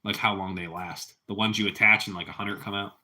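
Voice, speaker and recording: A man's voice: lowish voice, fairly even intonation, brisk, sharp tone. A man hosting a casual live stream, rambling easily as he chats with viewers and his cat. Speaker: livestream host.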